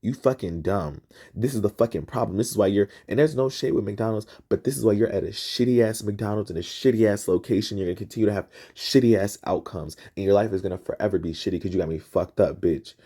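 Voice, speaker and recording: A man hosting a podcast, ranting in a profane, emphatic and repetitive way, his pitch jumping up as he gets excited. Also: fast. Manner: rising pitch when excited. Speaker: podcast host. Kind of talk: heated storytelling rant.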